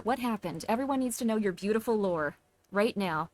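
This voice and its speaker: A woman hosting a live stream, chatting casually in a bubbly, excitable, playful way. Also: medium pitch, brisk. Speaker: streamer host.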